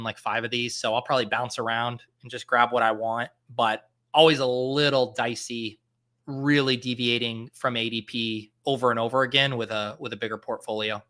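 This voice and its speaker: Here a man in his thirties, who hosts a fantasy football podcast, is live streaming in a casual chat. He talks fairly quickly in a mid-range voice with a steady tone that comes across pushed and bright, thinking aloud with lots of fillers and restarts.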